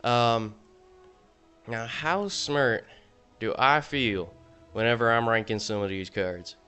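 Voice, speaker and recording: A man's voice: mid-range voice, takes it slowly, bright, forceful tone, clear, resonant tone, soft background music. A man doing casual, self-mocking commentary as he ranks cards from a video game. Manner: joking, self-mocking, rambling. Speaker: YouTuber ranking game cards.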